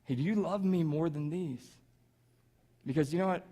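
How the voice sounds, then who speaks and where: A preacher putting on Jesus as a patient, caring man who keeps asking the same earnest question in a hushed, lowered voice. The voice stays fairly high for a man, and the delivery is conversational rather than grand. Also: normal speed, natural voice. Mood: gently pressing. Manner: soft, earnest, repeated questioning. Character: Jesus, a patient man pressing his friend.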